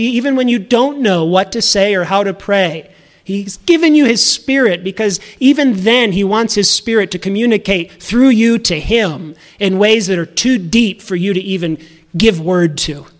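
Male pastor, thirties, high voice, earnest conversational preaching. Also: moderate pace. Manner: earnest, conversational, repeats words when restarting. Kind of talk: sermon.

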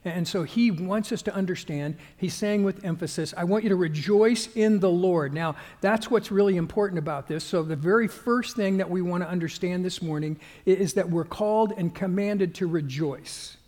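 A male pastor giving a conversational sermon, halting with fillers and restarts and growing more emphatic as he goes. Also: high-pitched, darkish tone, in a large hall.

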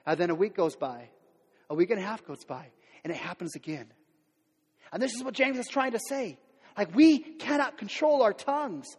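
High-voiced pastor preaching in a reverberant hall. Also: male voice, expressive, normal speed, darkish tone, husky. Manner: candid, conversational preaching with many "like" fillers and restarts; acts out quoted voices of everyday people. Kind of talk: sermon.

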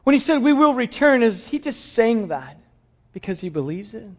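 High-voiced male preacher telling a story. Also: big pitch swings, normal speed, husky. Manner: dramatic storytelling, dropping to hushed tones. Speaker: pastor. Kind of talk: sermon. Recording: dull lo-fi sound.

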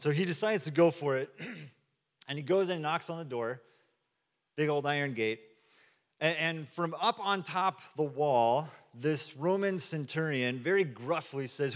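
A man's voice: a little high, animated, measured pace. A man, a pastor, preaching a sermon in a conversational storytelling manner, acting out quotes as he goes. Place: church sanctuary. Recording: long hall reverb.

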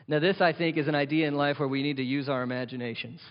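A man's voice: fairly high pitch, fairly even intonation, fast talker. A man preaching a sermon as pastor, earnest and conversational, lifting his voice for emphasis. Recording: dull sound with long hall reverb.

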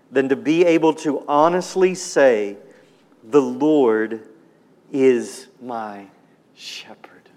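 A man preaching a sermon, earnest and emphatic, slowing down and dropping his voice on key words. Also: on the high side, big-room sound. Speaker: pastor.

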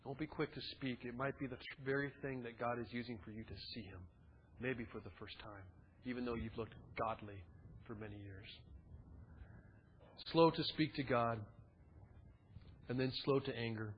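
A man's voice: mid-range voice, fairly even intonation, normal speed, long pauses, a little hiss or hum. A man preaching a sermon in a conversational way, with casual asides. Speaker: pastor. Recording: dull recording with long hall reverb.

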